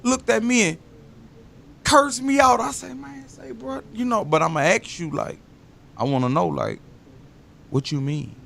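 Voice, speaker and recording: Guy with a gravelly voice, kinda high, rambling stories full of slang in a casual interview. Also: normal speed. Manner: loose, animated storytelling with slang. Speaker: guest.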